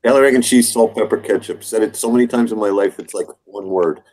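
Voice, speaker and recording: Low-voiced man, teasing casual chat. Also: fast talker, darkish tone, poor audio. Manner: confident, teasing. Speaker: chat participant.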